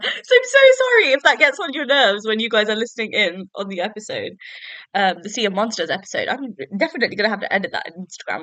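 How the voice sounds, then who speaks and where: A woman's voice: a little high, big pitch swings, a little fast, pushed and bright, no echo. A young woman hosting a solo book-review podcast, chatting in a rambling, self-deprecating way with giggly asides. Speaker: podcast host.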